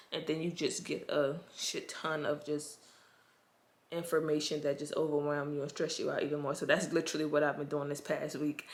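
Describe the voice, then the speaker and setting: A woman's voice: low voice, pushed and bright. A woman vlogging straight to camera. She is stressed and overwhelmed, and she talks to her viewers in an emotional, frustrated and anxious way, often calling them "y'all.". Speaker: pregnancy vlogger. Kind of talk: casual talk to camera.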